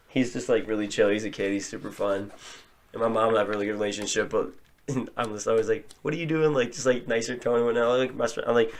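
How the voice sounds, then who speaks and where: Young male podcast guest, mid-pitch, chatty, laughs as he tells stories. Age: young adult. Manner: laughing storyteller, acts out quotes. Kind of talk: casual chat.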